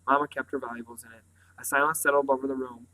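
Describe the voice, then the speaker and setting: A man reading a novel aloud in a quiet, earnest way, stumbling now and then. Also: medium pitch, flat delivery, quick pace, low-quality recording. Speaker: reader.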